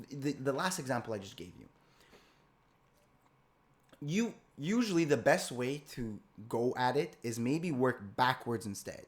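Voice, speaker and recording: A young man coaching on a live call, ranting heatedly with lots of swearing, restarts and rhetorical questions. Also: mid-range voice. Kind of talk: profane live-call rant.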